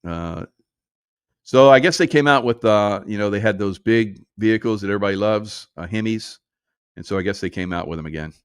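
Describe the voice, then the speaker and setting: A man's voice: fairly low pitch, fairly quick, clear, resonant tone, dry recording, studio quality. A man hosting casual political commentary, sarcastic and mocking, chuckling often as he reads and reacts.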